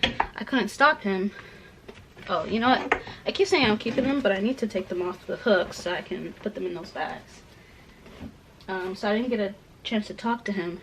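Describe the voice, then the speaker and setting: A young woman rambling through a casual rant at home while packing, full of "like" fillers, dipping into soft asides. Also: mid-range voice, normal speed, long pauses, noisy background. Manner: rambling, heavy use of "like" fillers; drops to soft asides about clothes. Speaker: vlogger.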